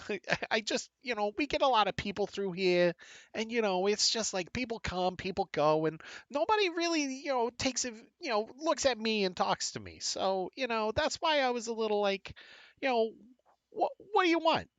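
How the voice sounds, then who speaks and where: A man voicing an excitable male hotel clerk with a Boston accent who stammers and rambles. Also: sits high, moderate pace, dry recording, pitched above the performer's own voice. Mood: apologetic.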